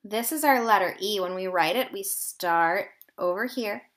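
A woman teaching a kindergarten phonics lesson, sounding out short words deliberately and drawing them out for young children. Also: medium pitch, a bit bright.

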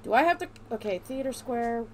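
A woman's voice: fairly high pitch, animated, fairly quick, a little hiss or hum. A woman hosting a let's play, chatting casually and cracking playful jokes as she plays. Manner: playful, joking banter. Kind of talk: casual gaming commentary.

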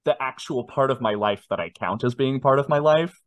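A man in his twenties, telling a personal story in a casual interview with animated, self-deprecating asides. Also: medium pitch, a little fast, dry recording. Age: 20s. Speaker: guest.

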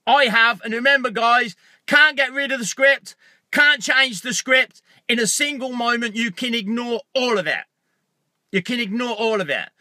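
A middle-aged man talking straight to his viewers, telling stories with animated energy and swearing freely. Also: very high-pitched, no echo, studio quality. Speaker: motivational speaker. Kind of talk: casual self-recorded video talk.

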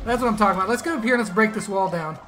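A man giving casual, excitable commentary on his own mobile game matches, teasing opponents and laughing at big plays. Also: high voice, racing, over music. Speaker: gaming YouTuber. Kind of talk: gameplay commentary.

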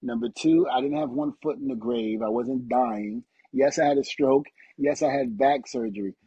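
Husky-voiced man telling animated stories. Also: medium pitch, moderate pace, no echo, dull audio. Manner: animated storytelling, acts out quotes. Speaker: podcast guest, retired wrestler. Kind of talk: casual interview chat.

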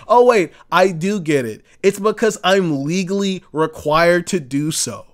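A comedian ranting in an exasperated, profane, emphatic way. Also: male voice, high voice, expressive, unhurried. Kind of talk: comedic rant.

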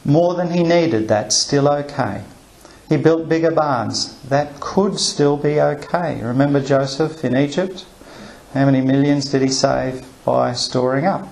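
A man's voice: on the high side, measured pace, vocal fry, a little mellow, poor audio. A man preaching a conversational sermon, asking the congregation rhetorical questions with light humor.

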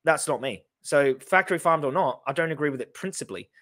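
A man in his thirties with an Australian accent, reacting to his own TV debate with animated, sarcastic commentary. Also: fairly high pitch, quick pace. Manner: animated, sarcastic, laughing in disbelief.

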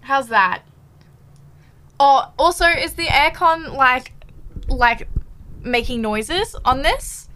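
Giggly streamer girl chatting away, kinda high bright voice, bit breathless, lots of ums. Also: expressive, takes it slowly, pauses often. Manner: bubbly, giggly, chatty with many fillers. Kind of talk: casual live-stream chat.

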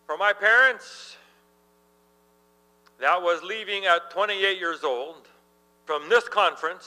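A middle-aged man preaches in a church and tells his stories with lively energy, chuckling along the way. His voice is fairly high for a man and very bright and ringing. A low electrical hum sits under the recording. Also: long reverb tail, low-quality recording. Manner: animated storyteller, laughs while telling. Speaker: pastor. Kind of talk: sermon with storytelling.

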